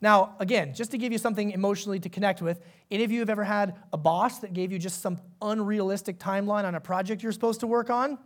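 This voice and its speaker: A male pastor preaching a sermon in a conversational, animated way, often turning to ask the congregation questions. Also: sits high, quick pace, few pauses.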